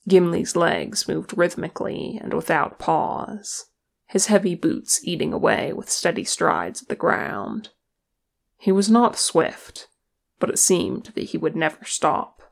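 Woman narrator for audiobook, slow, lowish, bit of fry. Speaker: audiobook reader. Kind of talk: fan fiction audiobook narration.

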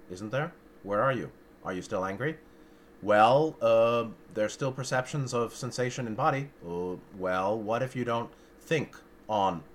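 A man with a lowish voice talks through a meditation teaching, thinking aloud as he goes and tossing in dry, blunt asides. A faint hiss of background noise sits under the recording. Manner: musing, searching for words, with dry humor and blunt asides. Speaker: dharma teacher. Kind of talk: informal dharma talk.

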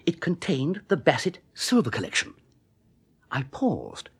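An actor playing a genial, flustered young upper-class gentleman who narrates and stammers in a radio play. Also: a little high, huge pitch swings, measured pace, gravelly, slightly rough, heavily acted. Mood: wry.

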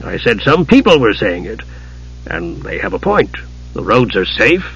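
A man reading an audiobook, voicing a gentle innkeeper husband who speaks quietly and soothingly in a husky voice. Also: lowish voice, very animated, normal speed, highs cut off, exaggerated voice.

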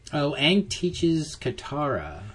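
A man with a husky, slightly raspy voice and a very slow, unhurried pace. He co-hosts a casual podcast, laughing along and adding plot details. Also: on the high side, sing-song, fairly bright tone. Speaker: podcast co-host. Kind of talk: casual chat.

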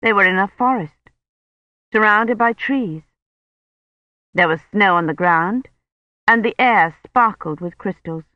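An audiobook narrator reading a novel in a measured, even scripted narration. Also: mid-range voice, no room sound, dull audio.

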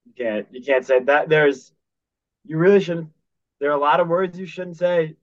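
A man's voice: fairly high pitch, moderate pace. A man co-hosting a baseball podcast, chatting casually and often restarting his sentences. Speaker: podcast co-host. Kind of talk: casual sports chat. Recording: dull, dry sound.

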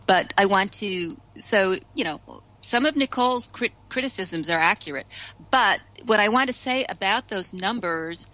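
A woman's voice: medium pitch, expressive, normal speed, sharp tone, poor audio. A woman talking as a guest commentator on a radio show, chatty, with frequent restarts and laughter. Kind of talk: casual radio discussion.

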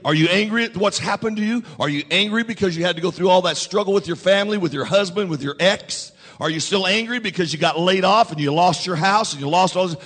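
A pastor preaching a sermon to his congregation. His voice sits high and swings widely as he presses the crowd and leads call-and-response. The sound rings with the long reverb of a church sanctuary. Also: animated, a little fast, fairly bright tone. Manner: preaching with rising intensity and call-and-response prompts.

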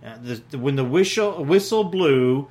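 A man's voice: fairly high pitch, expressive, normal speed, darkish tone. Folksy pastor man preaching. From Newfoundland. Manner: folksy, plain-spoken, with frequent uh fillers and restarts. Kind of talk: sermon.

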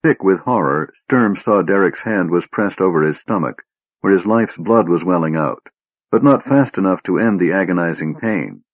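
A man narrating an audiobook in a measured, grave way. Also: deep voice, animated, no echo, muffled recording.

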